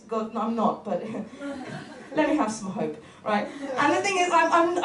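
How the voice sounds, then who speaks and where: In a comedy venue, a woman from Turkey performs crude, self-deprecating stand-up with a high-pitched voice that swings widely, delivered at a moderate pace. The audience can be heard, and the sound is distant and roomy.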